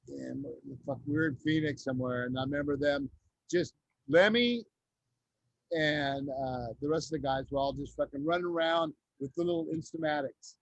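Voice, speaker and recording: A man's voice: a little high, creaky, lo-fi sound. A man chatting as a guest musician, telling loose anecdotes full of swearing. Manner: loose, profane storytelling. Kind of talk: casual chat.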